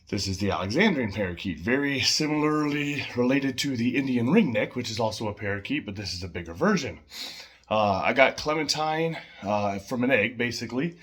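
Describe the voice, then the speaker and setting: Chatty man rambling about his pet birds. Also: mid-range voice. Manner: rambling, chatty, with fillers and soft laughs. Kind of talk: casual home vlog.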